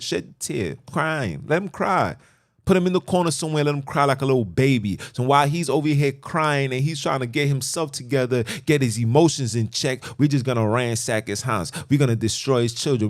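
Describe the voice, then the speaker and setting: A middle-aged man hosting a podcast, delivering an emphatic, repetitive, lecturing monologue. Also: mid-range voice. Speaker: podcast host. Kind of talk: preachy monologue.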